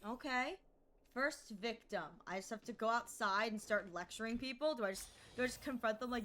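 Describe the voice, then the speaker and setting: A woman streaming a story game, chatting casually and playfully, reading lines aloud in animated bursts. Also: fairly high pitch, brisk, slight background noise.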